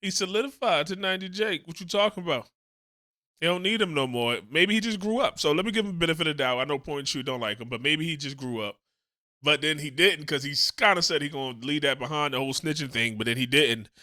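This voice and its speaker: A man hosting a casual reaction commentary show, animated and speculative, swearing freely as he talks. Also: a little high, quick pace. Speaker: YouTube commentary host.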